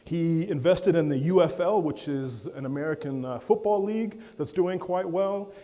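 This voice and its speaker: A man giving a lively keynote at a conference, joking with and calling on the audience in a large hall. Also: fairly high pitch, normal speed. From Africa. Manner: energetic, playful, calls on the audience and jokes. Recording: long hall reverb.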